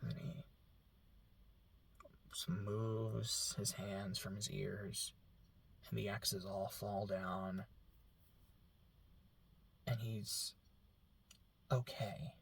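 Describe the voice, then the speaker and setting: A man's voice: fairly low pitch, flat delivery, very slow, vocal fry, long pauses, slightly rough. Rambling, emotional man reviewing a film. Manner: rambling, emotional, many "like" fillers. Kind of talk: casual film reaction talk.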